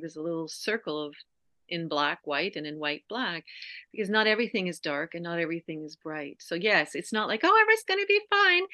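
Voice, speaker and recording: A middle-aged yoga teacher, appearing as an interview guest, speaks reflectively and earnestly in conversation. Her voice is on the low side, pushed and bright, with no echo.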